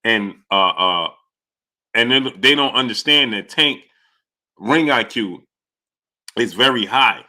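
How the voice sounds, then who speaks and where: Bright-voiced man hosting a boxing talk stream. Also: mid-range voice, expressive, takes it slowly, pauses often. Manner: repetitive and emphatic, frequent fillers and "you understand?". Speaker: sports talk show host. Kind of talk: live-stream boxing talk, greeting chat viewers.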